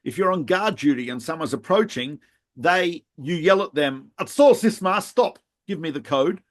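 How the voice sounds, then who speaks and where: Lively middle-aged man telling army stories. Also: on the high side, normal speed. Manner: animated anecdotes with laughs and restarts. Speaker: podcast co-host, rabbi. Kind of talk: casual storytelling chat.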